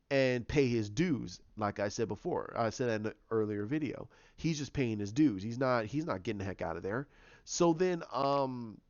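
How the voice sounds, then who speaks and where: Male reviewer, casual rambling delivery, mid pitch, dry slightly dull recording. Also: darkish tone, no echo. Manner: rambling, with many restarts and fillers. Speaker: TV episode reviewer.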